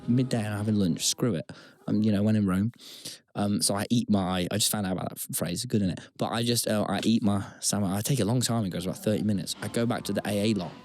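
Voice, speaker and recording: Young man, low voice, rambling casual podcast stories, self-mocking. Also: a little mellow. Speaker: podcast co-host. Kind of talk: casual storytelling chat.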